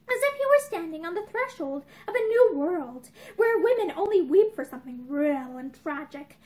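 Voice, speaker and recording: A young woman reading a novel aloud to camera, with measured storytelling and dramatic emphasis. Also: very high-pitched, a little mellow. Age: young adult. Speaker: narrator. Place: indoors, room with bookshelves.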